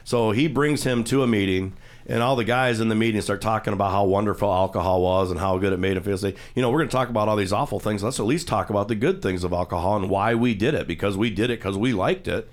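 A man's voice: lowish voice, fast talker. A man hosting a radio show, casually retelling a TV scene in the studio and acting out the quoted voices. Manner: rambling storyteller, acts out quoted voices. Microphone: studio microphone.

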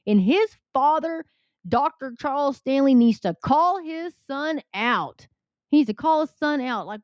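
A woman's voice: on the high side, a little mellow, dry recording. A woman hosting an angry political commentary show, fiery and indignant, swearing and restarting her sentences. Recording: dull dry lo-fi recording.

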